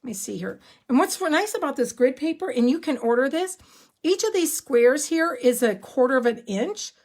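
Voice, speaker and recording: Brief: high-pitched woman, excitable crafting demonstrator, chatty and rambling, live from an indoor craft room. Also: normal speed. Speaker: card-making demonstrator.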